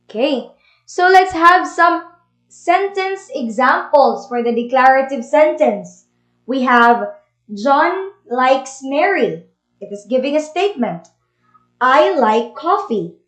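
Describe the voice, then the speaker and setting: A woman teaching a grammar review lesson, explaining step by step with Tagalog asides. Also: high-pitched. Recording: echoey room.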